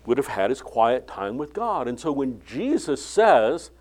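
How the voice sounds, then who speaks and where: An older man preaching a sermon, retelling the Bible story and acting out its dialogue with lively inflection. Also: mid-range voice, measured pace. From California.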